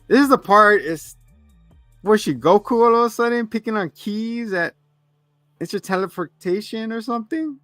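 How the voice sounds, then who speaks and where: Male co-host, slightly higher register, animated scene-retelling; dry studio sound with faint music bed. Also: moderate pace, no room sound. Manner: animated retelling with quoted lines, laughs often. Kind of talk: casual movie review chat.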